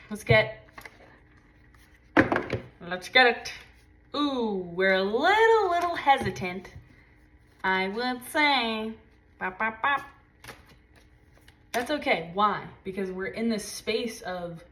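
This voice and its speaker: A tarot reader talks intensely and swears liberally during a casual reading, a little hiss or hum audible in the background. Her spiritual pep talk swings from low murmurs to high exclamations.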